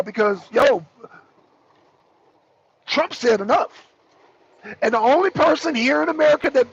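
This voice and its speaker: A man with a very high, gravelly voice rants through heated political commentary and calls out his co-hosts by name. The sound is a bit muffled, with faint noise behind him. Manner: animated, ranting, addresses co-hosts by name. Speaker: political talk show host.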